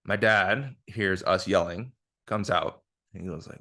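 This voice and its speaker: A man's voice: low voice, steady tone, measured pace, creaky, pushed and bright. A man hosting a podcast, telling a personal story in a frank, casual way, with lots of swearing and filler words. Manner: frank, profane, filler-heavy retelling. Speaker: podcast host. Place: indoor room with guest. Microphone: single shared microphone.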